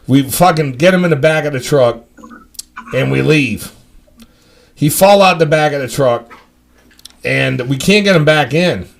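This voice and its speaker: A man's voice: a little high, a little slow, gravelly, pauses often. A man telling a rambling, profane story among friends. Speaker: storyteller on a live stream.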